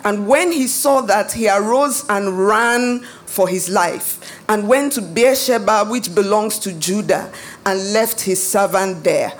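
A woman's voice: mid-range voice, unhurried. A woman pastor delivering a sermon, preaching emphatically and building up to dramatic rises.

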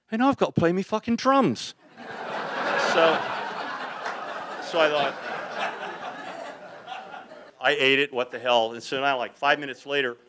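An older man, a photographer, telling lively rambling anecdotes to a live audience, slipping into acted quotes. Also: medium pitch, no echo.

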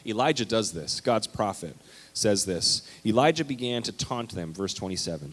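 A male pastor preaching a sermon, animated and emphatic, reading scripture aloud with big swings in loudness. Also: on the low side, normal speed, husky. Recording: long hall reverb.

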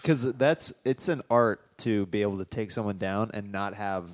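A man's voice: fairly low pitch, moderate pace. A man hosting a casual chat, asking questions and laughing along.

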